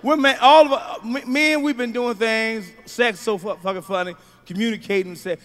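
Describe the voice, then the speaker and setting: A male stand-up comedian, delivering a profane routine with shouted punchlines. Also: very high-pitched, steady tone, moderate pace.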